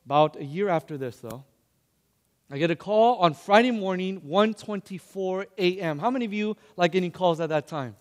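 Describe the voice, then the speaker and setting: A man's voice: high voice, lively intonation, normal speed, big-room sound. A male preacher telling a personal story in an emotional sermon, addressing the congregation.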